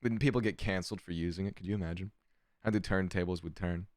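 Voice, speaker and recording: A low-voiced man talks fast and keeps a steady tone while streaming, reading chat out loud and mocking it with frequent profanity. It's casual livestream commentary, captured in a dry, clean studio recording.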